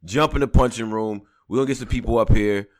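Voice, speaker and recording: A man with a raspy voice, hosting a casual podcast in a laid-back way. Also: fairly low pitch, fast talker. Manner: laid-back, loose, many fillers. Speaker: podcast host.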